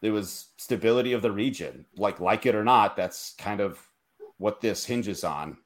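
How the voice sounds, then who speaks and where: Man, lowish voice, podcast host, talks haltingly, full of fillers. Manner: hesitant, thinking aloud, lots of 'like'. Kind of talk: casual chat.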